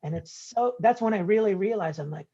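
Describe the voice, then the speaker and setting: Husky-voiced man telling stories animatedly. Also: high voice, fairly quick, dull audio. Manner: animated, acts out quoted dialogue. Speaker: guest entrepreneur. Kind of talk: interview storytelling.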